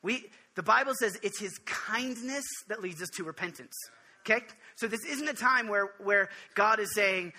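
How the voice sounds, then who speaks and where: A man giving an informal sermon on prayer, earnest and jokey, with quick restarts and direct questions to his listeners. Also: sits high, sharp tone. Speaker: preacher.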